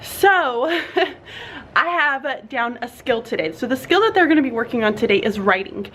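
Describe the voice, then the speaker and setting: A woman's voice: high voice, expressive, a little slow, fairly bright tone, slight background noise. A woman teacher vlogging in her classroom in the morning, chatty and earnest, tired and yawning, saying y'all and laughing often. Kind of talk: casual morning vlog.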